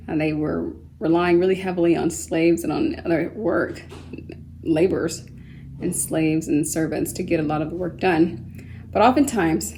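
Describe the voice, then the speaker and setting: A woman with a slightly gravelly voice teaches young children new words, slowly spelling each one out letter by letter. She stops often to ask her listeners gentle questions. A faint hiss of background noise runs under the recording. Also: low voice, low-quality recording. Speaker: homeschool teacher. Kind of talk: kindergarten vocabulary lesson.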